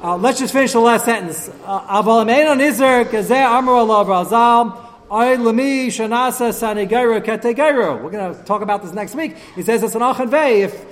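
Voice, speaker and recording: A man teaching a lively religious class, telling anecdotes with animated, exasperated emphasis. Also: very high voice, fairly quick, hardly any pauses. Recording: long hall reverb.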